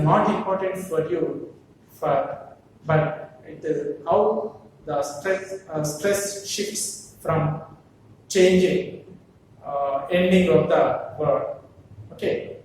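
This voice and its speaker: A man gives a lecture slowly, pausing often and asking rhetorical questions. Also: fairly high pitch, a little mellow, heavy reverb, far from the mic, slight background noise, poor audio. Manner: slow, with frequent pauses and rhetorical questions. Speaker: English lecturer. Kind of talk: classroom lecture.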